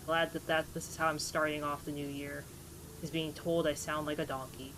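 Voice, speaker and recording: Chatty woman streamer, lowish voice. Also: level tone, moderate pace, background noise. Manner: chatty, laughs at herself, greets chat warmly. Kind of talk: casual live-stream chat.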